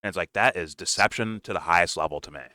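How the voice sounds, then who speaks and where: A man's voice: sits low, fast talker, pushed and bright, no echo, studio quality. Blunt, profane male political commentator. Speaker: podcast co-host.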